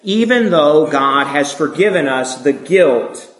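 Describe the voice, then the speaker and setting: A male preacher with a high-pitched voice works through a passage in an expository sermon. He is earnest and explanatory and repeats key points for emphasis. The sound is echoey, as if recorded in a reverberant room. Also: animated, slow pace, fairly bright tone.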